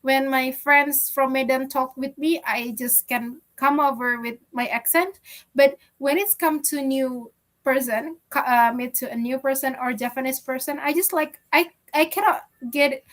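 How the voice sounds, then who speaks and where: A young woman from Indonesia telling a personal story in a class discussion, speaking haltingly with frequent restarts. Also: sits high, a bit bright. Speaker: student.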